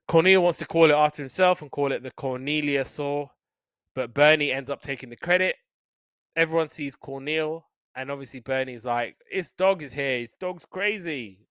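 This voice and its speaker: Smooth-voiced man recapping cartoons. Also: medium pitch, fairly bright tone, dry recording. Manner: chatty, acts out lines in quotes. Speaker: podcast co-host. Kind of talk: casual episode recap.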